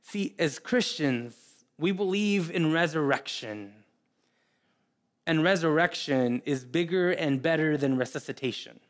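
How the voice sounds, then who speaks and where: A man preaching a sermon in an earnest way, often repeating words and pausing. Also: on the high side. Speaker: pastor.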